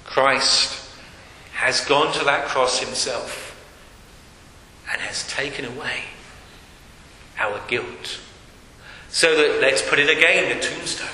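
A man preaching a sermon, emphatic and repetitive, sometimes dropping to a hushed voice. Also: medium pitch, slow pace, long pauses. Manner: emphatic, repeating phrases, dropping to hushed tones. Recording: echoey hall with faint hiss.

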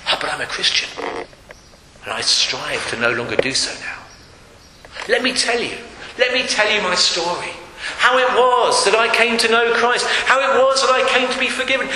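Male preacher, high and sharp voice, emphatic, repetitive sermon delivery, long hall reverb. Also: normal speed. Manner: emphatic, repeating phrases, dropping to hushed tones. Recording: echoey hall with faint hiss.

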